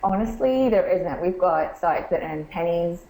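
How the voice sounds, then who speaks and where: Low-voiced woman in an echoey hall. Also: lively intonation, measured pace, mellow. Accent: has an accent she remarks on. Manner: friendly, explains with many ums and restarts. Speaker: startup founder, interview guest. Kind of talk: conference interview, casual business talk. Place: conference venue.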